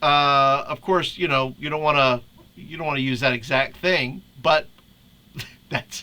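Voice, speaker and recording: Casual youth-ministry leader, man, bright tone, chatty and quick to laugh. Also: medium pitch, steady tone. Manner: chatty, laughs often, restarts a lot. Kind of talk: casual screen-share tutorial.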